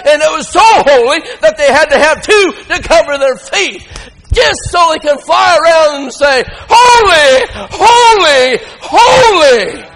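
Preacher guy, high pitched, shouts and laughs a lot, echoey church. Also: normal speed. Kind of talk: sermon.

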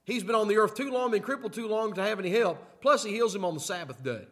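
A man preaching a sermon in a folksy way, often asking "okay?" and moving between loud emphatic lines and quiet asides. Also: high-pitched, fast talker. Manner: folksy, repeats "okay?" to check in with listeners. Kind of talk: sermon teaching.

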